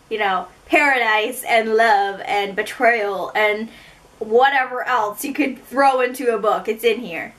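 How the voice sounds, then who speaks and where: Canadian woman, book haul vlogger; high, bright voice; chatty, rambling, pokes fun at herself. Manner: chatty and rambling, with self-mocking asides. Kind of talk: casual book haul chat.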